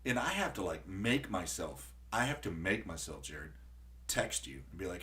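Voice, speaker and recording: A man hosting a podcast in casual conversation, who tells stories with lively acted-out quotes and frequent restarts. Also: deep voice, moderate pace. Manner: animated storyteller acting out quotes. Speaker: podcast host.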